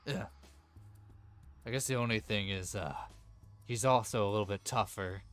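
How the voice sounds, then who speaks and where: A man's voice: fairly low pitch, normal speed, fairly bright tone, smooth, soft background music. A man narrating as game master of a tabletop game, rambling with many fillers.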